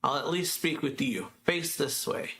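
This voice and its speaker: A man reading out the lines of a cold, vengeful teenage boy from a manga, in a flat, slightly raised voice. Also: a little slow, vocal fry. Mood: cold, pressing. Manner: reads quoted dialogue flatly, slightly higher than his narration. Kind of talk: reading manga dialogue aloud.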